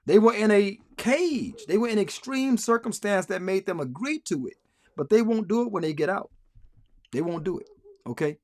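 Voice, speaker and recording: A man's voice: sits high, lively intonation, normal speed, darkish tone. A man hosting a live stream, rambling through sarcastic commentary and answering comments from the chat. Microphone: streaming mic.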